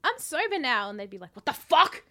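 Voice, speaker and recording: A woman's voice: high-pitched, very animated, fairly quick, pushed and bright. A woman co-hosting a podcast, joking cheekily and laughing in casual chat. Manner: cheeky, laughing, crude jokes. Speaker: podcast co-host.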